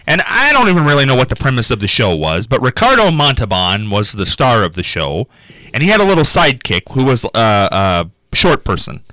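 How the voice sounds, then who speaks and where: A man hosting a radio show, telling an anecdote in a casual, animated way and laughing as he goes. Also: mid-range voice, fairly quick, no room sound, rough recording. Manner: animated, laughs through his stories. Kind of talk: casual storytelling chat.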